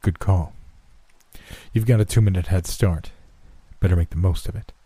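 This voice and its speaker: A man voicing a cold, menacing middle-aged doctor in a horror story reading, sneering and dismissive, often low and hushed. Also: normal speed, breathy edge, no room sound. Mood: smug.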